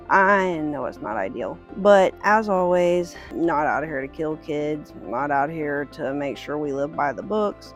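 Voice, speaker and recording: A woman with a somewhat low voice narrates her family vlog in a candid, chatty way. She laughs mid-sentence and calls out directions to her kids. Background music plays under her voice. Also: highs cut off. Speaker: family vlogger, mother of seven.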